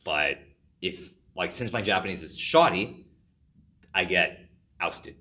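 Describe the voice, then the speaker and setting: A man in his twenties from California, a podcast guest telling stories in an animated, jokey and dramatic way. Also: deep voice, unhurried. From California, USA. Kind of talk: casual podcast chat.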